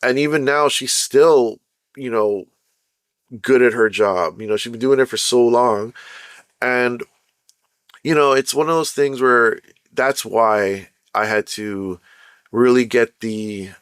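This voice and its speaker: A man's voice: medium pitch, takes it slowly, a bit bright, smooth, no room sound, clean studio sound. A young man from Canada hosting his own podcast, telling a personal story in a casual, rambling way with plenty of fillers and restarts. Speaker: podcast host.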